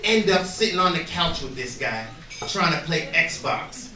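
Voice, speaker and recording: A man's voice: on the high side, animated, unhurried. A man doing a profane, conversational stand-up set who keeps asking "right?" as he tells his story. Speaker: stand-up comedian. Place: comedy club stage before a live audience. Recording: roomy club, mic far off, loud crowd.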